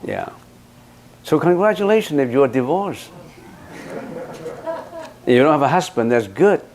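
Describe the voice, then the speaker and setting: A man's voice: fairly high pitch, very animated, a little slow, darkish tone. A man as a Buddhist teacher, giving an emphatic dharma talk that answers questions with rhetorical questions.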